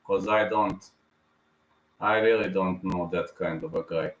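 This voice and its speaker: A man's voice: deep voice, fairly even intonation, a little slow, echoey room, low-quality recording. A man in his thirties hosting a live fight reaction stream, talking in an emotional, repetitive fan manner. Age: 30s.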